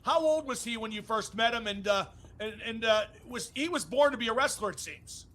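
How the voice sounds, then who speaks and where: A man's voice: very high-pitched, expressive, fairly quick, fairly bright tone. A man interviewing a guest, asking long, leading questions. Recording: echoey room.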